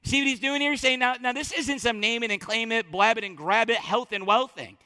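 Male pastor, sermon delivery, high bright tone, emphatic repetition, reverberant sanctuary. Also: a little fast. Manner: emphatic, repeats phrases for stress.

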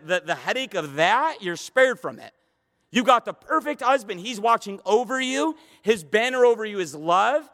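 A man's voice: sits high, a bit bright. A man preaching a midweek Bible study sermon in a church, passionate and emphatic, switching between conversational asides and rising emphasis. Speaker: pastor. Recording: long hall reverb.

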